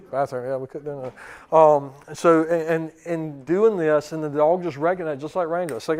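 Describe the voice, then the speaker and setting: Casual dog trainer man, higher voice. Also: fairly even intonation, brisk, a little mellow. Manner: conversational, repeats words, acts out commands. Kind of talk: seminar talk to clients.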